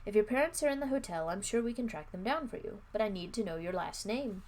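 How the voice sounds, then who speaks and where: A woman's voice: mid-range voice, expressive, quick pace, a little mellow, lightly acted. Woman reading a stiff hotel clerk. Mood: calm.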